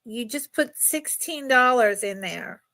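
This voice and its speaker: A woman's voice: fairly high pitch, expressive, slow, sharp tone. A middle-aged woman hosting a casual live jewelry sale, chatty and emotional, often laughing. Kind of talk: casual live stream selling.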